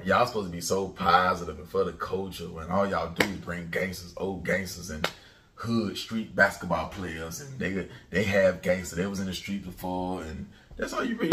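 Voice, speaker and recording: Taunting low-voiced man ranting. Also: far from the mic, noisy background. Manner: loud, taunting, jumps into high mocking pitch. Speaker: commentary channel host. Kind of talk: mocking commentary rant.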